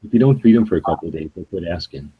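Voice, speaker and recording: Very deep, raspy man on voice chat, crude dry humor, dull sound. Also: expressive, rapid-fire. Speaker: chat participant. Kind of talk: casual chat.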